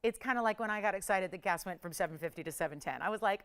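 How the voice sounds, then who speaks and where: A woman's voice: mid-range voice, racing, a bit bright. A middle-aged woman hosting a live jewelry sales show, chatty and upbeat with bursts of laughter. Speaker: shopping channel host.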